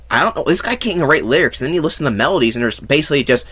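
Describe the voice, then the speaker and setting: A man's voice: on the high side, animated, racing, few pauses, bright, forceful tone, slightly rough. A man giving a blunt, profane movie review monologue, ranking things and mocking what he hates. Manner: blunt, profane and mocking, with fake sung bits.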